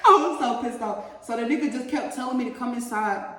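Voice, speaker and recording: A woman telling a story straight to her viewers in a casual, profane and animated way. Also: on the high side, fast talker, far from the mic. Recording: roomy echo, mic set back.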